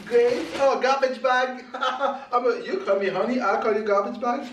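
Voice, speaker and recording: A man's voice: very high voice, steady tone, moderate pace. A man in his thirties with a French accent, teasing his family while they unpack groceries. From France. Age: 30s. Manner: teasing, joking. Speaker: vlogger. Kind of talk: casual family vlog. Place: home kitchen. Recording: echoey kitchen, far from mic, background noise.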